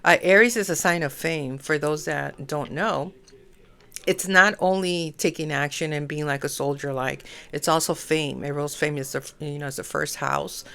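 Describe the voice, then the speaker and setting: A woman's voice: low-pitched, normal speed, vocal fry, sharp tone. A middle-aged woman hosting an astrology podcast, chatting in a rambling way full of "you know" fillers. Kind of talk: rambling casual monologue.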